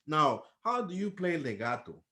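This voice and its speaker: A man's voice: on the high side, big pitch swings, normal speed, pushed and bright. Man patiently teaching trumpet articulation. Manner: patient, explains step by step, sings syllables to demonstrate. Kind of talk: music lesson.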